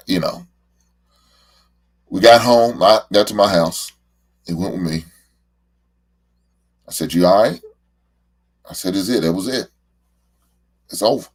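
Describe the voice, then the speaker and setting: A middle-aged man, a show host and father, talking in a casual, heartfelt monologue and often repeating words as he rambles. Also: low voice.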